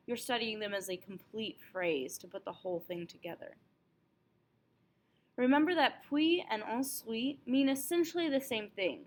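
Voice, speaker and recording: A woman teaching French, calmly going over a test review and slowing down for example phrases. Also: mid-range voice. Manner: clear, patient explaining with slowed example phrases.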